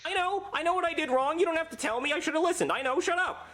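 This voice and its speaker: A man voicing a brash, violent cop puppet in a comedy web series, rambling through a story with shouted outbursts. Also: extremely high pitch, fast talker. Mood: indignant.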